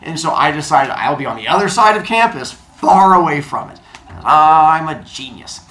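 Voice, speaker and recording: A man telling a comedic personal story, animated and acting out the dialogue. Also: a little high, a little hiss or hum. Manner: animated, acts out dialogue with quick voice changes.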